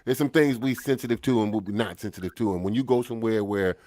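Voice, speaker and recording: A man's voice: lowish voice, quick pace, darkish tone, no room sound, studio quality. A man from New York, co-hosting a podcast, telling stories in a loose, swearing, casual way. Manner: loose, swearing, storytelling with lots of "you know what I mean". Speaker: podcast co-host. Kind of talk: casual chat.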